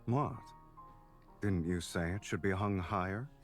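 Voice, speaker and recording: An actor voicing a teasing adult male dragon lover in a video game, in a soft, half-whispered, intimate tone. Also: sits low, unhurried, soft background music.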